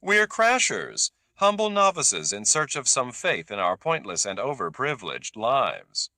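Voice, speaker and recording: A man's voice: fairly low pitch, very animated, slow, sharp tone, no room sound, clean studio sound, voice pushed up, heavily acted. A man reading aloud voices a lazy, supercilious man who sneers and drawls. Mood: sneering.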